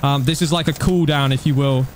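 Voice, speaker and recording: A young man streaming a game, chatting casually and thanking donors, getting excited at times. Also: medium pitch, brisk. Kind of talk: casual live-stream chat.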